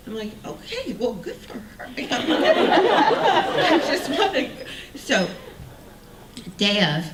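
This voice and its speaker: A woman tells a personal story with a lively, swooping voice, mocking herself and playing the people she quotes. She sounds roomy and a little far from the mic, with faint ambience behind her. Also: fairly high pitch, slow, very noisy. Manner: animated, self-mocking, acts out quoted voices.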